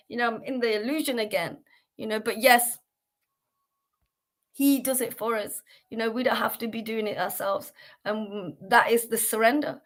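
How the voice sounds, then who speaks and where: A British woman with a slightly high, somewhat bright voice leads a devotional class over a livestream. She speaks earnestly and casually, with lots of fillers and restarts.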